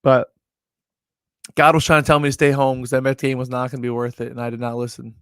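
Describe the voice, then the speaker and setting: A young man hosting a sports betting show, telling a rambling, animated story in casual talk full of "like" and "yo". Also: medium pitch, fast talker, clear, resonant tone, no room sound, studio quality.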